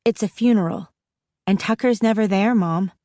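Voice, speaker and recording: A woman narrator voicing an upset, defiant teenage girl who pleads in a raised, higher voice. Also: moderate pace, mellow, no echo, studio quality, lightly acted. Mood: pleading.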